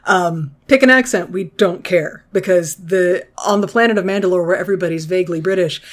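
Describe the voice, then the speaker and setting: Podcast co-host, casual recap chat, animated, swears a lot, mid-pitched voice. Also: fairly quick. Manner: animated, profane, exasperated.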